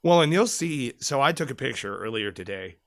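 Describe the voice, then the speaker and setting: A man co-hosting a podcast, telling a story in a casual, animated way with plenty of swearing. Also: mid-range voice, fairly quick, gravelly, no room sound, studio quality. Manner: animated, profane, rambling storyteller. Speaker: podcast co-host, former Marine.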